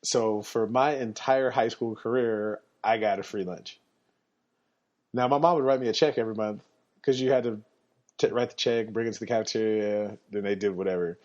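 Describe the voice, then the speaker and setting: A man hosting a podcast, telling personal stories in a casual, animated way and chuckling as he goes. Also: normal speed. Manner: animated, chuckling, jumps up in pitch when quoting people. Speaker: podcast host. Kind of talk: casual storytelling monologue. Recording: slightly muffled lo-fi podcast audio.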